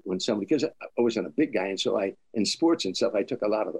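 An older man with a fairly low voice, telling stories as an interview guest. He acts out the lines of the people he quotes and often stammers and restarts his sentences. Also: lively intonation, fast talker, husky. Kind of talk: storytelling interview.

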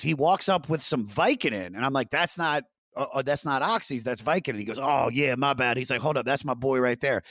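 A man's voice: mid-range voice, dry recording, studio quality. A man telling a wild story in casual podcast chat, acting out the voices of the people in it and swearing freely. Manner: animated, acts out quoted voices, swears freely. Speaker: podcast co-host.

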